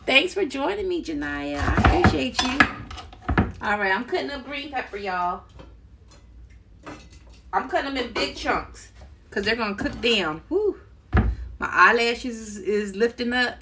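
Brief: middle-aged woman, casual kitchen livestream host, talkative, loud chopping and clatter behind her. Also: on the high side, sing-song, unhurried, vocal fry, pauses often, noisy background. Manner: chatty, talks to viewers while chopping, laughs often. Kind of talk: casual cooking livestream chat. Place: home kitchen.

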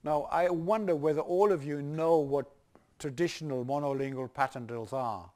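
A man's voice: fairly high pitch, moderate pace, dark tone. An older man with a German accent giving a university lecture, hesitant, with many restarts and fillers.

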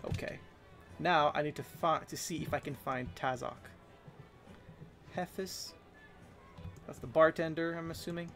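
A man's voice: a little high, unhurried, gravelly, pauses often, a bit bright, soft background music. Playful young man streaming a game. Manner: playful, chatty, laughs often. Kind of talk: casual let's play commentary.

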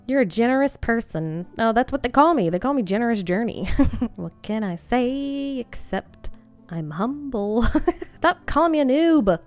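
A woman gaming host chats casually over her own play, poking fun at herself as she goes. Her voice sits in an ordinary middle range. Soft music plays quietly behind her. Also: medium pitch. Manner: chatty and self-mocking, laughs often. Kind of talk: casual gameplay commentary.

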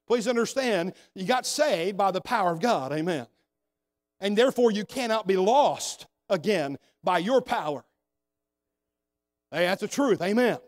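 Man, high voice, pastor, sermon, calls for amens, church sanctuary. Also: lively intonation, normal speed. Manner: preaching with rising emphasis, calls for amens. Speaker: senior pastor.

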